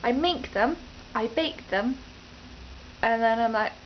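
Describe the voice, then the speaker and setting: A woman's voice: on the high side, takes it slowly, muffled recording, a little hiss or hum. A young British woman from the East Midlands, rambling unscripted and chatty to her camera at home, often breaking off mid-sentence. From East Midlands, England. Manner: rambling, self-interrupting, chatty. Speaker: vlogger. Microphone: camera mic.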